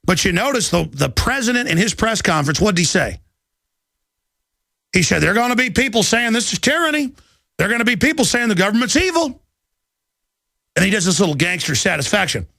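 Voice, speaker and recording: A man's voice: sits high, very animated, brisk, creaky, long pauses, no room sound. A man in his thirties hosting a talk radio show, ranting with passion and mocking his opponents in put-on voices. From Texas. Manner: loud, impassioned, mocking impressions. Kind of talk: ranting political radio monologue.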